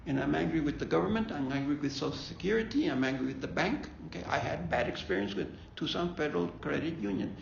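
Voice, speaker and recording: Gravelly man leading a grief group. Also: on the high side, animated, quick pace, hardly any pauses, a little hiss or hum. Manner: conversational, repeats himself, asks "okay?". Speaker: grief ministry leader. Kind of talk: faith-based bereavement talk. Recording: echoey room, dull lo-fi sound.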